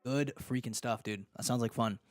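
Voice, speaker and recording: A man hosting a casual podcast and reading live chat, talking in a slangy, animated way. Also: medium pitch, moderate pace, no echo. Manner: slangy and animated, fond of "dude" and "freaking".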